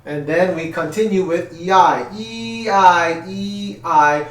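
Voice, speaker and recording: A man's voice: sits high, slow, recorded from a distance. A man teaching a music class for young children, counting in, chanting and coaxing the kids to join. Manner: upbeat, coaxing, counts in and chants call-and-response. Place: room with chalkboards. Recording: echoey room.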